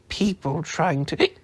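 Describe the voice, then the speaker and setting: A man voicing a drunk, tearful female house-elf who squeaks, slurs and coughs as she talks. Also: a bit bright, husky, full character voice. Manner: whimpering, indignant.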